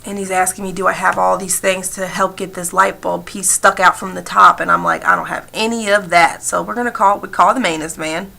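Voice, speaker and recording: A woman voice interpreter speaking a personal story told in sign language, with halting, repetitive phrasing and frequent fillers. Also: on the low side, fairly even intonation, creaky, pushed and bright.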